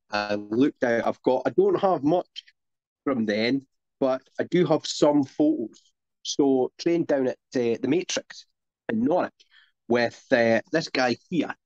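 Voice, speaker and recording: A man's voice: medium pitch, dry recording. Scottish man, forties, podcast guest, rambling anecdotes, frequent restarts, dull lo-fi audio. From Scotland. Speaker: wrestler guest. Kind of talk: casual podcast interview storytelling.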